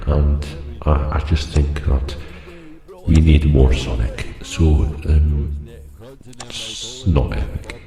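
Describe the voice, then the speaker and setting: A man giving mock-serious, rambling commentary as he ranks other creators, deadpan and full of fillers. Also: extremely low pitch. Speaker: channel host ranking other creators. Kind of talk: joking tier-list commentary. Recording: echoey room with long reverb, faint music.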